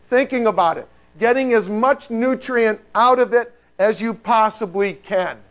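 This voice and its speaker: In a high, unhurried voice, a middle-aged pastor delivers a sermon with animated, conversational energy, posing rhetorical question after rhetorical question.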